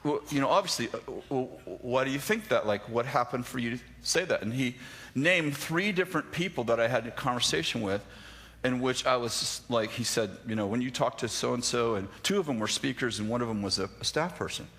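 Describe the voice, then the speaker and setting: Bright-voiced man telling a funny sermon story. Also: mid-range voice, lively intonation, brisk. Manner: anecdotal, self-deprecating, acts out dialogue, many restarts. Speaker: pastor.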